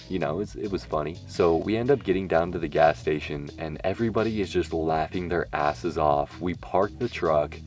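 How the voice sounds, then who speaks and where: Deep-voiced young man telling a crude story. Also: darkish tone. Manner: laid-back, crude, jokey. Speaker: vlogger. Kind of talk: casual storytelling.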